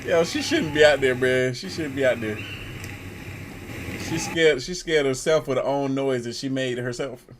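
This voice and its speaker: A man's voice: medium pitch, moderate pace, noisy background. A man hosting a reaction video, commenting in casual, slangy, joking asides.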